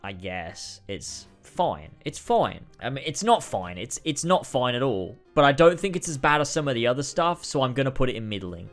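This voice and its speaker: A man's voice: medium pitch, big pitch swings, moderate pace, few pauses, a bit bright, faint music behind. A man giving casual, exasperated ranking commentary, swearing and sighing often. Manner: exasperated, frequent swearing and sighs. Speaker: video creator ranking episodes.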